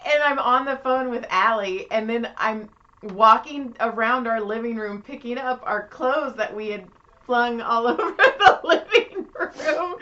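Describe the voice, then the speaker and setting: A middle-aged woman co-hosting a podcast, telling stories in a casual, animated way and swearing freely. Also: on the high side, a little slow. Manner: animated, swears freely, acts out quoted voices. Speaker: podcast co-host. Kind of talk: casual storytelling chat. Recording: muffled lo-fi podcast audio.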